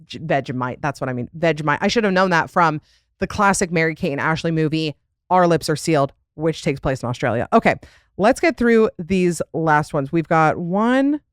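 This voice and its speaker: A woman's voice: sits low, animated, normal speed, no room sound, studio quality. A young adult woman hosting a podcast in casual chat, rambling and laughing with plenty of fillers. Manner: chatty, rambling, lots of "like" and laughs. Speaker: podcast host.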